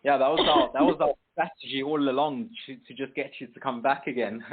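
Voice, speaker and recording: A British man hosting an online poetry radio show, chatting casually with many pauses and restarts. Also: mid-range voice, breathy edge. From Britain. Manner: hesitant, many ums and restarts. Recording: tinny phone-like line.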